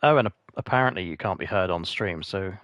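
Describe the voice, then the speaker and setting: A man's voice: sits low, fast, no echo. Chatty man calling a sim race. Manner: chatty, self-mocking, rising to excited race calling. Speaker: sim racing league commentator and host. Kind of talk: live-stream race commentary.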